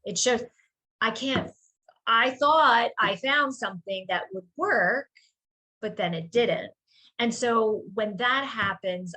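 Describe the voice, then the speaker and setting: A woman who runs a small business, chatting casually on a group video call and telling a rambling, animated story. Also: medium pitch.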